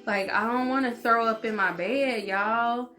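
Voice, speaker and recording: Woman vlogger, bright mid-pitched voice, chatty and frank story-time delivery with light cursing, soft music bed behind. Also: unhurried. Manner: animated, frank, peppered with "like" and swearing. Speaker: vlogger and healing channel host. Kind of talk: casual story-time monologue.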